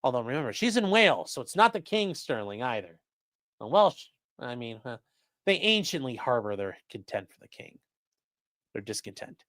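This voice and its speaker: A man's voice: mid-range voice, big pitch swings, moderate pace, fairly bright tone, no room sound, studio quality. A man doing mocking, sarcastic live-stream commentary while reading chat, swearing often.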